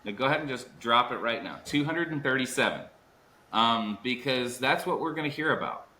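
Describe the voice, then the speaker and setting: A man's voice: mid-range voice, lively intonation, a little fast, sharp tone, echoey room, slight background noise, rough recording. A man hosting a sales podcast in an upbeat, hype-building way, stretching out key words for emphasis. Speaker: podcast host. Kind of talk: energetic podcast chat.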